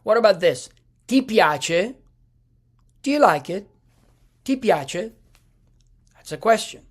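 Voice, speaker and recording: A man teaching a language lesson over slides, speaking slowly with many fillers and restarts. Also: high-pitched, animated. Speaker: Italian teacher.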